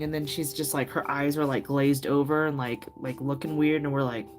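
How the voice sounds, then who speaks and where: A woman's voice: very deep voice, fairly even intonation, normal speed. A middle-aged woman hosting a craft livestream, chatting casually with viewers, laughing often and telling loose stories full of fillers. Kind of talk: casual chat with live viewers. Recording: faint music behind.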